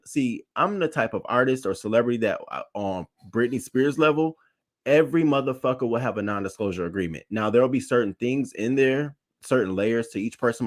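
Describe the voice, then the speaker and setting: A man hosting a celebrity news show, giving blunt, opinionated commentary and reading his live chat, swearing freely and repeating points for emphasis. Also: medium pitch.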